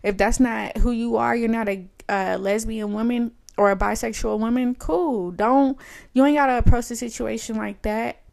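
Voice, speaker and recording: A woman's voice: a little high, fairly even intonation, moderate pace, vocal fry, a little mellow. A woman in her thirties hosting a podcast, ranting in a blunt, profane, emphatic casual style. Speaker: podcast host. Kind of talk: casual solo rant.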